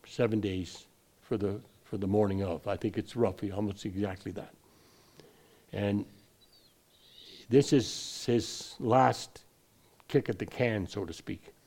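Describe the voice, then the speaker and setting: Gravelly-voiced male preacher. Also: on the low side, dark tone. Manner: digressive, frequent restarts, rising emphasis on key points. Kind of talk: sermon.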